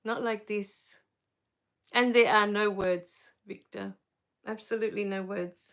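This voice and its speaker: A woman hosting a spiritual live Q&A, reading viewer comments, soft-spoken and tender, quick to laugh and tear up. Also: mid-range voice, fairly even intonation, lo-fi sound. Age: adult with a child. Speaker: spiritual live-stream host.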